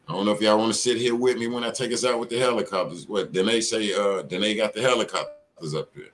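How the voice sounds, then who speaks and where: A middle-aged man hosting a live stream with a lowish voice. He rambles casually, full of slang and profanity. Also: fast talker, slight background noise.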